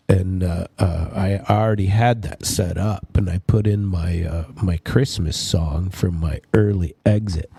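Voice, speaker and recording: Male podcast host, low voice, opinionated rambling commentary, dry close mic. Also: gravelly, darkish tone, no room sound. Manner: blunt, rambling, with emphatic slowed phrases. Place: home studio.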